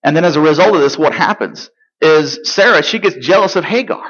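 A man preaches to his church in a fairly high voice. He talks casually, tossing out rhetorical questions and asides of sarcasm. The recording is a bit dull and lo-fi. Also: lively intonation, brisk, fairly bright tone, breathy edge. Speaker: pastor. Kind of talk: sermon.

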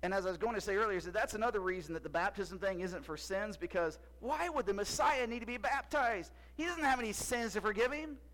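A man's voice: sits high, animated, fairly quick, few pauses, fairly bright tone, rough recording. A man performing a playful first-person Bible story monologue, joking and quizzing the audience. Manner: playful, jokey, asks audience questions. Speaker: costumed storyteller in church skit.

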